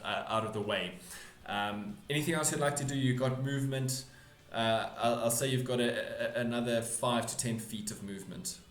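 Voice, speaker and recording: A man's voice: medium pitch, a bit bright. A man narrates a tabletop battle as game master. He stumbles, restarts and corrects himself as he goes. His voice carries the echo of a bare room. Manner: halting, full of restarts and self-corrections.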